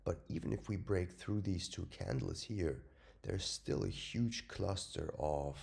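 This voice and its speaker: A man hosting a trading video, talking casually through a chart, blunt and self-mocking, jumping from loud emphatic warnings to whispered asides. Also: sits low, unhurried, vocal fry. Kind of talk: casual chart analysis talk.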